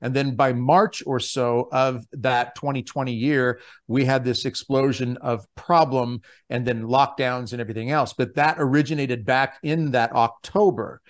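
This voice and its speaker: A man's voice: mid-range voice, steady tone, normal speed, hardly any pauses. A man hosting a podcast who talks in an earnest, enthusiastic way with many restarts. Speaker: podcast host.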